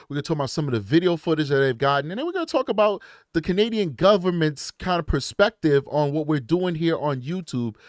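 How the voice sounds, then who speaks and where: Earnest, higher-voiced male true crime host. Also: dry recording, studio quality. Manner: earnest, animated, laughs easily. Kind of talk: casual direct-to-camera talk.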